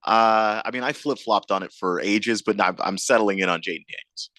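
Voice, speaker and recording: A man's voice: on the low side, moderate pace, a bit bright, no room sound. A man co-hosting a sports radio show, talking in an easygoing way, often laughing and restarting his sentences. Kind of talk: casual sports radio banter.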